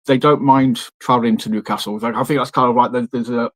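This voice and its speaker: A man's voice: mid-range voice, steady tone, fast talker. A man hosting a podcast in easygoing conversation, chatty and enthusiastic, with plenty of fillers and restarts. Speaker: podcast host. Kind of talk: casual wrestling podcast chat.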